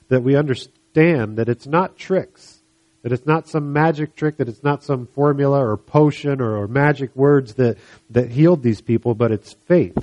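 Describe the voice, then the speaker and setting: A man delivering a sermon in a storytelling manner. His voice sits at an ordinary middle pitch, and he slips into the voices of the characters as he retells the passage for his listeners. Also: highs cut off. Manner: animated storytelling, acting out voices of the people he describes. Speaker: pastor.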